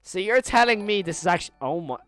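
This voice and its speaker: Excitable stammering young man, dry sound. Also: high voice, brisk, no room sound. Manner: excitable, stammering with many restarts. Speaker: streamer. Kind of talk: live stream reaction.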